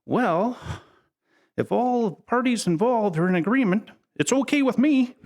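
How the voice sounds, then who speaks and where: A man's voice: very high voice, animated, a little slow, a little mellow, voice pushed up, exaggerated voice. A terse, plainspoken old rancher with a dry sense of humor, as a man puts him on. He speaks in a raised voice, clipped and no-nonsense, like ranch instructions on an answering machine. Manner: terse, matter-of-fact ranch talk.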